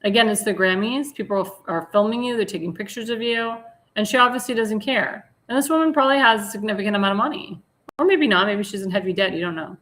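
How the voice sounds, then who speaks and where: A woman's voice: mid-range voice, fast talker, a bit bright. A woman hosting a talk show, giving blunt, indignant commentary on slides and sometimes searching for words.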